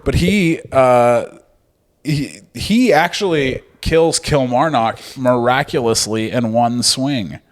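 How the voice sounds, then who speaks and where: A man's voice: medium pitch, slow pace. A man, co-hosting a podcast in casual, jokey, swearing chat. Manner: jokey, swearing, animated retelling. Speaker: podcast co-host.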